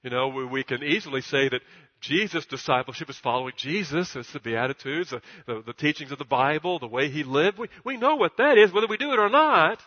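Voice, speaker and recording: A male pastor preaching a sermon in church, emphatic and repeating himself, climbing to loud peaks and stumbling over words at times. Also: a little high, lively intonation, a little fast. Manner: stutters at times. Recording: dull recording with long church reverb.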